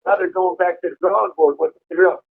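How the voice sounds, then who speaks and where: A man's voice: sits high, steady tone, quick pace, creaky, husky. A man telling a prison story in a blunt, vivid way, swearing freely as he goes. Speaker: storyteller recounting prison life. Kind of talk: casual profane storytelling. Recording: tinny phone-like line.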